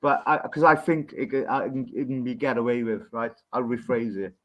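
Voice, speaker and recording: A man's voice: medium pitch, normal speed, fairly bright tone, lo-fi sound. A man with an English accent, co-hosting a casual chat and telling rambling jokes, swearing freely. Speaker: podcast co-host. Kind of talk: casual pub-style banter, telling jokes.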